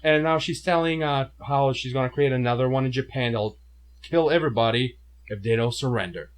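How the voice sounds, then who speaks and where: A man's voice: mid-range voice, brisk. A man co-hosting a casual movie review, retelling the plot with mouth sound effects and stumbling restarts. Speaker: co-host of a movie review show.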